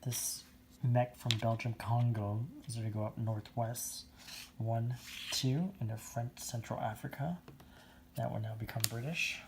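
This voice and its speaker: A man's voice: mid-range voice, steady tone, a little slow, creaky, heavy background noise. A man narrating his own turn in a tabletop strategy game, methodically counting out moves and dice rolls as he goes. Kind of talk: casual tabletop game commentary.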